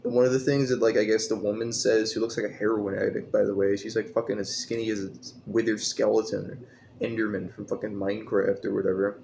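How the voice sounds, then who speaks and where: A man's voice: lowish voice, flat delivery, quick pace, vocal fry, a little mellow, slight background noise. A man reviewing a movie in a casual, profane, scornful rant full of rambling asides.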